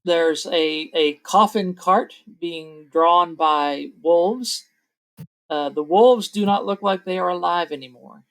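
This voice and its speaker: A man's voice: a little high, takes it slowly, vocal fry. Man narrating as game master. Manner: relaxed, laughing narration with fillers.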